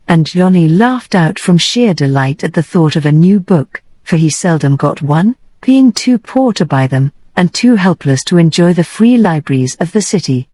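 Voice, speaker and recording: A woman narrating a classic children's audiobook in a steady, measured reading. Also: on the low side, no echo. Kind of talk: scripted narration.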